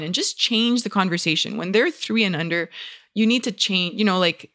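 Middle-aged woman, neuroscientist guest, chatty and explanatory, everyday mid pitch. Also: moderate pace. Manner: animated, acts out quoted parents and children. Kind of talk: conversational explanation.

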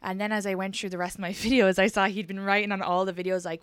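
A woman with an Irish Kildare accent hosting a podcast, telling quick anecdotes, swearing freely and laughing often. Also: mid-range voice, little pitch movement, clear, resonant tone, no room sound. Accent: Irish, Kildare-Midlands. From Ireland. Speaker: podcast host and comedian. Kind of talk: casual chat.

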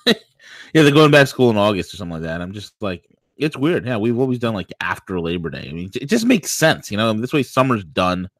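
A man's voice: lowish voice, very animated, a little fast, no room sound. A man hosting a casual morning talk show, playful and hypey, rambling with restarts. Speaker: show host.

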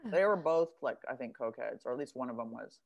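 A woman's voice: rumbling low, animated, quick pace, gravelly, lo-fi sound. A woman hosting a casual podcast, wry and self-deprecating, swearing often. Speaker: podcast host.

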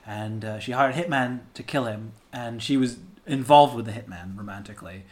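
A man's voice: medium pitch, fairly quick. A man on a podcast telling a story in casual chat, rambling and swearing freely as he goes. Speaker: podcast co-host.

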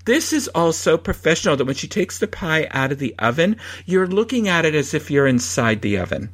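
A man with a somewhat high voice recounts an event for his podcast audience. He rambles, restarts his sentences and chuckles along the way. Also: big pitch swings, brisk, husky. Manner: rambling, laughing, many restarts and fillers. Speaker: podcast host. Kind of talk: casual storytelling recap.

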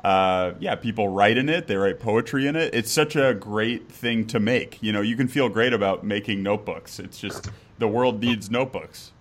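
A man interviewing a guest, relaxed and musing in casual talk. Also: on the low side, normal speed, hardly any pauses.

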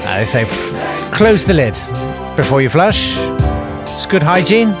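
A man's voice: fairly high pitch, very animated, slow pace, loud music behind the voice. Rambling, self-mocking male radio host. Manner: self-mocking, hesitant with many uhs. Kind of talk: rambling comic chat.

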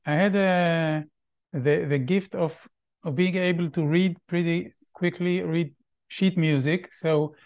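A man from Israel, a podcast guest, speaking in a halting way and repeating words as he searches for them. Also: on the high side, fairly even intonation, a little mellow. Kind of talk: casual conversation.

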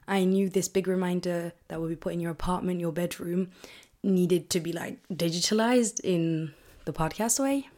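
A young woman from England hosting a solo podcast, talking in a chatty, excitable way with rambling asides. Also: lowish voice. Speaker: podcast host. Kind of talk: casual solo podcast chat.

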